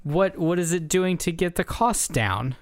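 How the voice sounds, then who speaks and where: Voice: medium pitch, lively intonation, a little slow, dry recording, clean studio sound. A co-host on a casual comedic podcast, playfully asking absurd questions.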